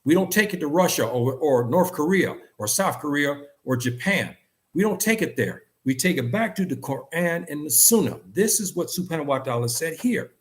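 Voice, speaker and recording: A man teaching a religious lesson in an earnest, repetitive way, building to animated emphasis at times. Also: a little high, moderate pace. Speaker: Islamic teacher. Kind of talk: religious lecture.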